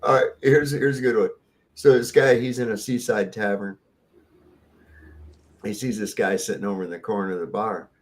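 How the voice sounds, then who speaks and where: A man's voice: lowish voice, steady tone, moderate pace, long pauses. A man hosting a live stream in casual, profane, joking chat.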